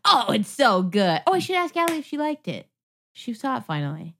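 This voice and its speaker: A woman's voice: on the high side, big pitch swings, a little fast, fairly bright tone. A woman co-hosting a film podcast, chatting casually and laughing often as she reads listener reviews aloud with playful asides. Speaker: podcast co-host. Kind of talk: casual chat.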